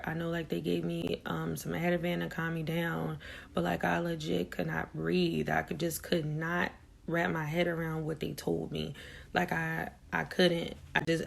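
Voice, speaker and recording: Young woman, low gravelly voice; frank, swears often, gets loud when recounting shocks. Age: young adult. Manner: blunt, frank, swears freely. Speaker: vlogger sharing her story. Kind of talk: candid personal storytelling.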